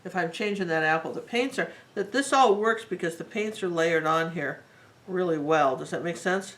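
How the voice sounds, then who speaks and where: This art teacher's voice sits on the low side, at a normal speed, as she runs a live painting tutorial. She talks in a chatty, rambling, warmly enthusiastic way throughout, captured on a low-quality recording.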